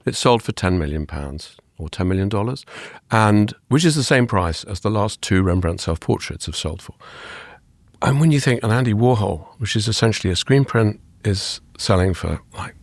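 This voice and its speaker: With a lowish, expressive voice and a moderate pace, this art historian and author talks enthusiastically during a conversational interview. His answers run long and wander, often restarting, and the recording is dry.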